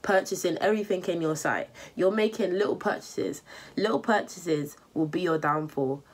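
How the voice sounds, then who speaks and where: A woman's voice: lowish voice, normal speed, husky. A young woman, bluntly scolding viewers with money advice in a vlog. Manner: blunt, scolding, repetitive, slangy. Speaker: vlogger.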